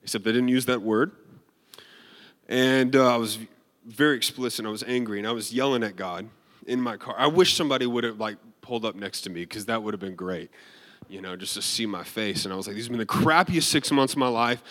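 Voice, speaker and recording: A man preaching a sermon, telling a personal story in a conversational, animated way with frequent restarts. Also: lowish voice, fairly quick.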